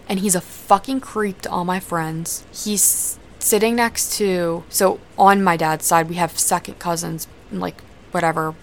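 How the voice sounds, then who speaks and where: A woman's voice: on the low side, creaky. A young woman hosting a podcast, candidly telling a personal story in a conversational way and swearing freely. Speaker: podcast host. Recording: faint background noise.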